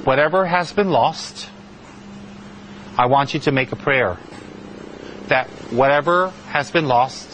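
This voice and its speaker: A man voicing an old male abbot who gives slow, firm, repeated advice. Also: fairly high pitch, a bit bright, slight background noise, poor audio. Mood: calm teaching.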